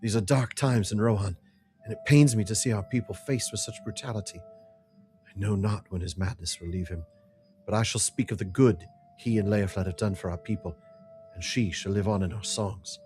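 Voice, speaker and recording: Guy putting on a raised voice for a stern shieldmaiden, formal and grave, low-ish man's tone under it, faint music. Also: a little mellow, natural voice. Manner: formal, measured old-fashioned speech. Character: proud young noblewoman shieldmaiden, stern and grave.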